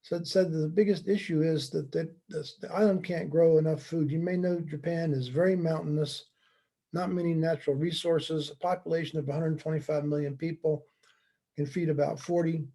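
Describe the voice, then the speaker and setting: A man delivers a relaxed slide lecture, mixing points with deadpan humor. His voice sits a little high for a man yet sounds deeply mellow and dark in tone. He keeps a chatty, wry manner throughout. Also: moderate pace, creaky. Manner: conversational, wry, telling jokes with deadpan asides. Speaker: speaker giving a talk. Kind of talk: presentation lecture with slides and jokes.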